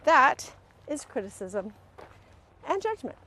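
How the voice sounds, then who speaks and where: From her home on a live video stream, a woman hosts a talk about emotional healing. Her voice is fairly high and a little slow, and she speaks earnestly and directly to viewers. She's animated, acting out quoted voices mid-sentence.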